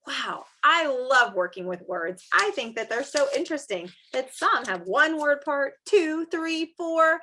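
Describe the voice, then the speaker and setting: A woman teaching an online pre-K lesson, talking to small children in an animated, sing-song teacher voice and slowing down to clap out words. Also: a little high, slight background noise.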